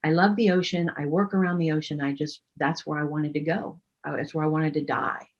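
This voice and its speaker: A woman quoting a quiet, despairing man. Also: sits low, fairly even intonation, fairly quick, highs cut off. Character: despairing grown man on a pier.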